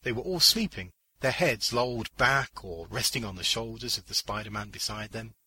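A man reads fiction aloud in a measured, deliberate way, with a husky voice and a strikingly bright tone. His delivery is slow and low-pitched. The sound is dry and close to the mic. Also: no room sound, rough recording. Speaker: narrator. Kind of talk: scripted audiobook narration of fiction.

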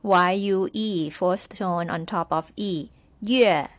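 Give me a woman language teacher who speaks very slowly and repeats each word like a dictation test. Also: fairly low pitch, steady tone. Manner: spells pinyin letter by letter and repeats words. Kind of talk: slow, careful lesson dictation.

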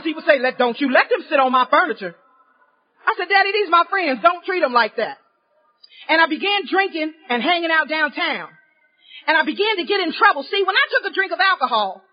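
A woman from Cincinnati telling her recovery story to an audience, candid and wry, sometimes raising her voice. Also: very high voice. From Cincinnati, Ohio, USA. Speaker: recovery convention speaker. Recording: dull lo-fi live recording.

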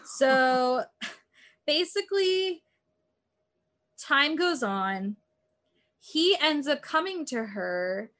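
A woman's voice: high-pitched, lively intonation, extremely slow, long pauses, fairly bright tone. A woman chatting casually as a podcast co-host, retelling a true-crime episode in a rambling way, full of "like" and acted-out quotes. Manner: rambling, heavy use of "like", acts out quotes.

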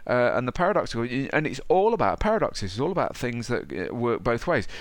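A man hosting a podcast, enthusiastic and matey, sometimes reading passages aloud slowly. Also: medium pitch, big pitch swings, no echo. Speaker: podcast host. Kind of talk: casual podcast conversation.

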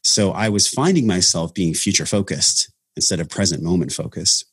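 Guy on a podcast, really low husky voice, reflective, keeps restarting. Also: animated, moderate pace, fairly bright tone, no room sound, studio quality. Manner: reflective, earnest, many restarts. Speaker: breathwork facilitator, podcast guest. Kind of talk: casual podcast conversation.

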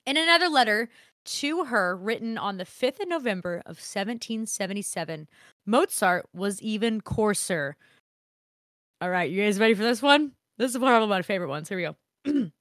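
A woman co-hosting a casual podcast, reading history aloud with animated, profane, laughing banter. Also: mid-range voice, moderate pace, no echo, studio quality. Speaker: podcast co-host.

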